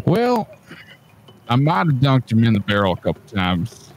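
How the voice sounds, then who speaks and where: A man speaking in character as a tabletop player, hesitant and halting. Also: mid-range voice, huge pitch swings, darkish tone, slight background noise. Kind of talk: in-character tabletop role-play.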